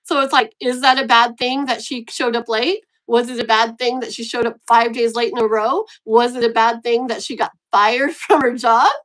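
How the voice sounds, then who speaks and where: A middle-aged woman with a high voice chats on a live video call. She talks freely and laughs often, telling stories with lots of animation. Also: moderate pace, few pauses. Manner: chatty, laughing, apologetic, animated storyteller. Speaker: tarot reader and live stream host. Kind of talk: casual live stream chat.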